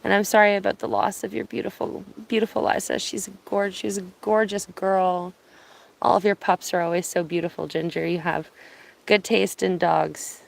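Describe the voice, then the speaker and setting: A woman from Ontario chatting casually on an outdoor live stream, speaking softly, answering viewers and laughing easily, filming on her phone. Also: mid-range voice, steady tone, normal speed, creaky, poor audio. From Ontario, Canada. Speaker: live-streaming bird watcher. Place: outdoors at a cottage. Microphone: phone on binoculars, held by hand.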